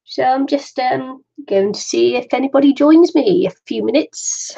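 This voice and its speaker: A woman's voice: sits high, normal speed, gravelly, dark tone, husky. A middle-aged woman chatting casually on a craft live stream, laughing often and talking to herself. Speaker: craft livestream host. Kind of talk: chatty live stream while waiting for viewers. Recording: dull lo-fi live stream audio.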